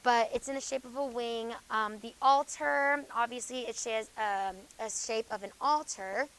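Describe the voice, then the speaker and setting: A woman teaching a high school class, her voice sitting a bit high. She walks through the material with plenty of ums and keeps checking in with a quick "okay?". Every so often she turns firm and tells students off. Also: fairly bright tone, clean tone, low-quality recording. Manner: explains with frequent "okay?" checks and fillers, stern asides to students. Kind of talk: classroom lecture.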